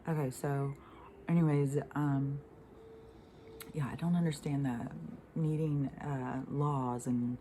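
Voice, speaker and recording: Middle-aged woman, low and warm-toned, unscripted frustrated vlog rant, profane and rambling. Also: steady tone, takes it slowly, long pauses, slight background noise, poor audio. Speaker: spiritual vlogger.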